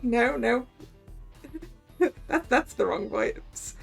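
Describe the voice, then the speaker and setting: A chatty woman streamer commenting on a game, giggling often and correcting herself mid-sentence. Her voice sits high. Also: expressive, extremely slow, vocal fry, pauses often, slightly rough, soft background music. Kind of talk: let's-play commentary.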